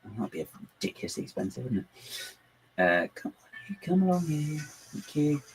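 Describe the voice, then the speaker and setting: A man's voice: fairly high pitch, very animated, normal speed, faint music behind, low-quality recording. Guy building stuff on his laptop at home, chatty and self-mocking, voice bounces all over. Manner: rambling, self-deprecating, talks to himself and his dog. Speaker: channel host building models on a computer. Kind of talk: casual livestream chat while building. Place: at home at a computer.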